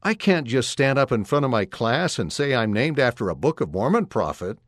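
A man's voice: mid-range voice, sing-song, moderate pace, fairly bright tone, dry recording, studio quality. A man reading aloud and voicing a nervous young schoolboy with a boyish, pleading tone. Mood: anxious. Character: anxious young schoolboy, nervous about speaking up.

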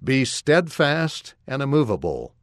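A man reading aloud and voicing a calm, kindly father who speaks slowly and reassuringly. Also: medium pitch, no room sound, studio quality. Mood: gentle.

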